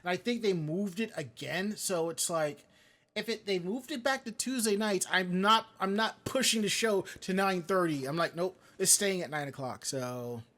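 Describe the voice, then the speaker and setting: A man with a notably high-pitched voice talking loosely on a live-streamed show. He drifts from one tangent to the next and stops to read out chat messages, all in easy casual chat. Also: normal speed, pushed and bright. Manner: rambling, digressive, reads chat comments aloud. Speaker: podcast co-host.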